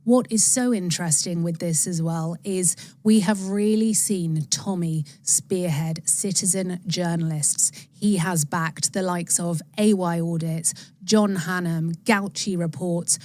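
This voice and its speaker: A woman hosts a live stream, talking to her viewers with effusive, rallying enthusiasm. Her voice sits a little low for a woman. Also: darkish tone, no echo. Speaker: livestream host.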